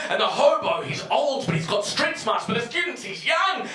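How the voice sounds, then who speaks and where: A man in his thirties doing stand-up comedy with an animated, exaggerated delivery that bursts into shouting. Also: sits high, normal speed, few pauses. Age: 30s. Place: comedy venue. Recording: roomy hall, distant mic, audience laughter.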